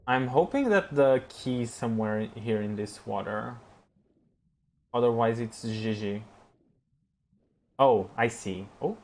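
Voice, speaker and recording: A man streaming a game live, chatting to his viewers, reacting loudly and swearing as he plays. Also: medium pitch, slow, long pauses. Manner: excitable, swears, talks to chat. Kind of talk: live gameplay commentary.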